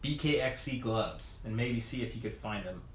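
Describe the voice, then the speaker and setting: In an echoey room, a man with a fairly low, animated voice speaks at a moderate pace while working on his bike. He's a mountain bike video creator answering live chat, rambling casually with frequent fillers, restarts, and chuckles.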